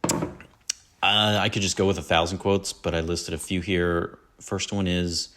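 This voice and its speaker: He's a podcast host with a low, steady voice, a slightly slow delivery, and a bit of brightness. In casual solo movie talk, he wanders on about his favorite films, laughs at himself, and slips into quotes.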